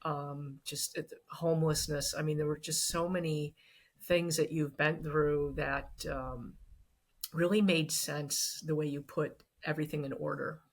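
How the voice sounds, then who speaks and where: A woman's voice: sits low, fairly even intonation, a little slow. A woman guest in a casual interview, speaking earnestly and thoughtfully, often restarting her sentences. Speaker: guest author.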